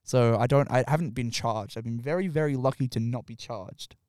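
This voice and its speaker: A man's voice: medium pitch, brisk, a little mellow, dry recording. Casting: young Aussie guy, crude storyteller, dry close sound. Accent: Australian. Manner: swearing, laughing storyteller, acts out quotes. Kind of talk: casual chat.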